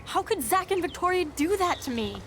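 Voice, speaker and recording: A woman's voice: extremely high pitch, lively intonation, brisk, slight background noise. An actress playing an upset young woman student in a game.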